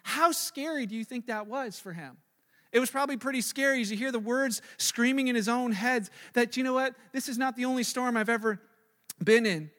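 A man preaching a sermon as a pastor, animated and acting out the voices he quotes, often repeating words as he presses a point. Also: very high-pitched, fairly quick. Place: church sanctuary. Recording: long reverb of a large hall.

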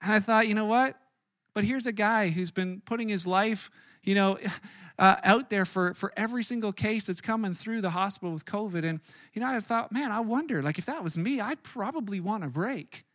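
A middle-aged man, a pastor, preaching a sermon through animated, self-mocking stories with acted-out quotes. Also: high-pitched, moderate pace. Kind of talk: storytelling sermon.

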